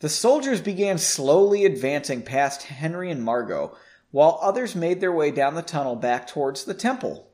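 A man's voice: on the high side, big pitch swings, normal speed, a little mellow. A man reading a fantasy story aloud, breaking in with sarcastic, amused asides. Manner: sarcastic, amused, self-mocking. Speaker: reader of a story.

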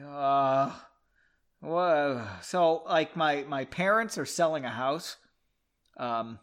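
A man's voice: on the high side, animated, takes it slowly, a bit bright, clear, resonant tone. A man hosting a comedic book reading podcast, breaking off to drink and mock the text with sarcastic asides. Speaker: podcast host.

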